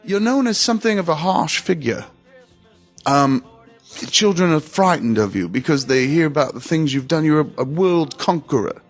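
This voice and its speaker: A man's voice: on the high side, sing-song, normal speed, faint music behind. A man doing a stiff scheming Nazi minister. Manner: formal, hesitant, fumbling accent.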